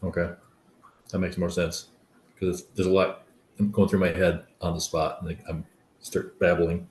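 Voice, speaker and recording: Deep, flat-voiced man, hesitant, roomy sound. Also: a little slow, slight background noise. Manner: hesitant, restarts his sentences. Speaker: new basketball official asking questions. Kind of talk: question in a training session.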